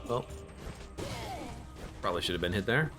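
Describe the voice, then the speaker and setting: Man, game streamer, casual chatty commentary, animated pitch, game music behind. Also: moderate pace. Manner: chatty, jokes at the game and at himself.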